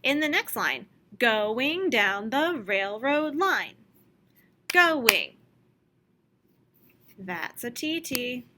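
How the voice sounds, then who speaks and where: A woman teaching a recorded music lesson to young children, explaining slowly and clearly and chanting rhythm syllables for them to copy. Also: a little high, animated, noisy background.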